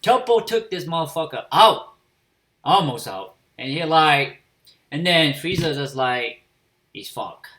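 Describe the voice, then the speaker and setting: A man giving a casual spoken review of an anime episode, swearing freely and filling pauses with fillers and restarts. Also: fairly high pitch, animated, sharp tone.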